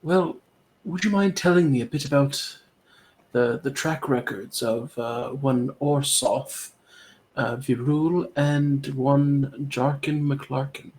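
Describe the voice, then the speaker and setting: Player guy talking in character, super polite and formal, slow and deliberate. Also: medium pitch, fairly even intonation, darkish tone, low-quality recording. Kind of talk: in-character role-play.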